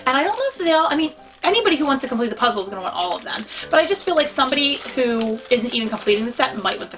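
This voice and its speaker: A woman's voice: high voice, fairly bright tone. A young woman chatting casually to her viewers while unboxing collectible pins, rambling with fillers and restarts. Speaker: vlogger.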